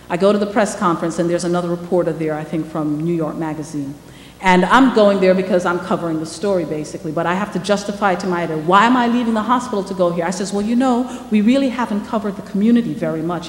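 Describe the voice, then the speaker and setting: A woman giving a lecture about her reporting days. She tells it as a lively story and acts out the dialogue. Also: on the low side. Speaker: guest lecturer, former newspaper reporter. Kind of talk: first-person storytelling lecture. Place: lecture hall. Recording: echoey hall with faint background noise.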